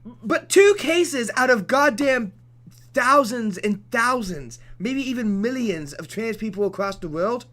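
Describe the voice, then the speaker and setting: A man's voice: extremely high pitch, lively intonation, measured pace, fairly bright tone. A young man streaming a game who goes off on a profane, rambling rant, restarting his sentences and laughing between points. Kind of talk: off-topic rant during a let's play.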